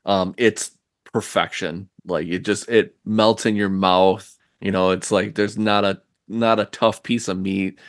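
A man's voice: sits low, fairly even intonation, a little slow, dry recording, studio quality. A man narrating a tabletop role-playing game as game master, in a loose, chatty way with many fillers.

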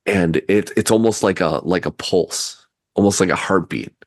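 A man running a tabletop game as game master, narrating loosely with halting pauses. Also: low-pitched, no room sound, clean studio sound.

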